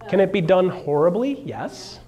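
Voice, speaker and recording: A man gives an energetic coaching talk to a live room, cracking jokes and acting out little exchanges. His voice sits a touch higher than most men's, and he jumps up higher still when playing other people. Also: normal speed. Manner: animated, jokey, acts out quotes in a raised voice. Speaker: real estate coach.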